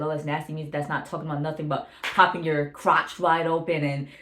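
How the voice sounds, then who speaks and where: A woman's voice: low-pitched, roomy sound. A young woman giving earnest, emphatic self-esteem advice in a casual talk to camera, repeating phrases for stress.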